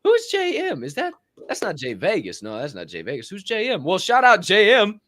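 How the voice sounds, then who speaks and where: A man hosting a podcast, giving energetic shout-outs in casual chat, swearing freely and whooping. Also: high voice, normal speed, no room sound. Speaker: podcast host.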